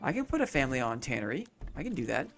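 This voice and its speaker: A man's voice: mid-range voice, sing-song, rapid-fire, creaky, a bit bright. Man thinking aloud over faint music. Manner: thinks aloud, repeats his own phrases; chats with viewers between moves. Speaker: streamer playing a city-building game. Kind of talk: casual live-stream commentary.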